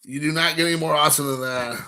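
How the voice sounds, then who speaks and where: A man hosting a card collecting live stream, chatting casually and excitably with viewers, rambling and addressing them by name. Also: fairly high pitch, fast talker, a little hiss or hum. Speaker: card collecting channel host.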